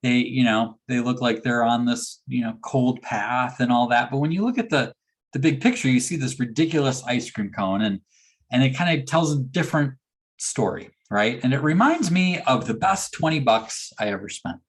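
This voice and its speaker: A motivational speaker with a husky, medium-pitched voice at normal speed gives a keynote talk. He tells a story animatedly, acting out the dialogue as he goes.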